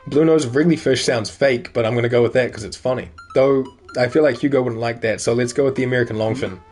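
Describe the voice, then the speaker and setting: A man's voice: medium pitch, quick pace, darkish tone, faint music behind. A man joking through a let's-play of a dating game, self-mocking, swearing and stumbling over words. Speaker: gamer reading and playing a dating game.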